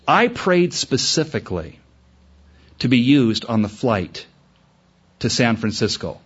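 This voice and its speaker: Husky-voiced pastor telling a story. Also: male voice, slow pace, dull audio. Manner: animated, rising in pitch when emphatic. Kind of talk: sermon storytelling.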